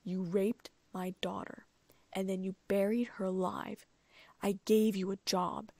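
A father cold with grief and rage speaks accusingly, read aloud by a woman. The delivery stays flat and slightly gravelly, recorded close and dry. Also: medium pitch, a little slow, no echo. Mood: cold accusation. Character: grieving, furious adult man, a father.

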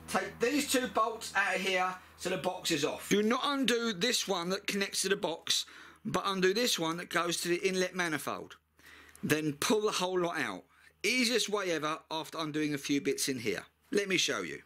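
Chatty man with a bright voice. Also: sits high, lively intonation, normal speed. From United Kingdom. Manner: chatty, blunt, swears freely. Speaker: mechanic vlogger. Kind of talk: casual repair tutorial.

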